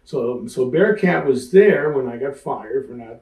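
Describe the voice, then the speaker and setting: Animated storytelling man in a roomy space. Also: mid-range voice, measured pace. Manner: animated storyteller who acts out quoted voices; laughs through his stories. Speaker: interview guest, wrestling veteran. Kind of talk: storytelling shoot interview. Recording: roomy sound, mic at a distance.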